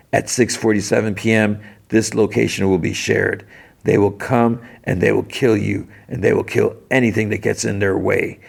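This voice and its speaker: A man's voice: fairly low pitch, creaky, heavily acted. A man voicing a vengeful older mob matriarch who speaks coldly and gloats. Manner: cold, gloating.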